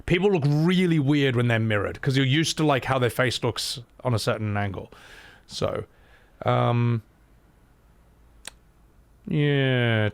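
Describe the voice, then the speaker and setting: A man's voice: medium pitch, gravelly. Chatty young man streaming a game. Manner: chatty, swearing, talks to chat. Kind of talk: let's-play commentary. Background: game music.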